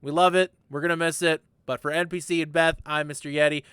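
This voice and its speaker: A man's voice: fairly high pitch, level tone, quick pace, a bit bright, clean tone, no echo, clean studio sound. A man hosting a casual livestreamed podcast, running through announcements in an upbeat, rambling way with jokey asides. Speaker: podcast host.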